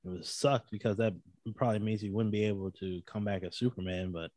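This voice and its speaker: A man in casual conversation as a podcast co-host, animated and opinionated, laughing often. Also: fairly low pitch, fairly quick, no echo. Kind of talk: casual chat.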